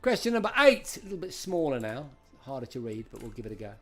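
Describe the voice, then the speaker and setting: A man's voice: mid-range voice, very animated, fast talker, soft background music. A middle-aged man hosting a live-streamed retro quiz, chatting and greeting viewers by name as he reads out questions. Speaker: host.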